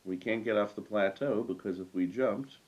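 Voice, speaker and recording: A man hosting a game walkthrough, explaining step by step in a relaxed, casual way with frequent fillers. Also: lowish voice, normal speed, muffled recording. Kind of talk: casual let's-play commentary.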